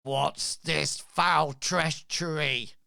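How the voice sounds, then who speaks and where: Vampire pirate captain, a game master putting it on, hissy and loud, pitched up. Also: male voice, fairly even intonation, very slow, vocal fry, dry recording, clean studio sound, full character voice. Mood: menacing. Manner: hissing, menacing. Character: hissing sinister male vampire pirate captain.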